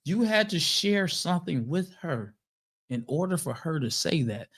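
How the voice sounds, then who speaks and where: A man's voice: on the high side, sing-song, a little slow, a bit bright. A man co-hosting a casual podcast, teasing his partner and piling up fillers as he talks. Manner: teasing, filler-heavy, keeps saying "you know". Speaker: podcast co-host.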